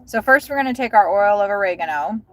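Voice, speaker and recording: A woman's voice: mid-range voice, animated, quick pace, noisy background. A woman chatting and rambling to her livestream viewers from her car while driving deliveries, swearing and thinking aloud. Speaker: delivery driver vlogger. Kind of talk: casual livestream chat. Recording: music loud behind voice.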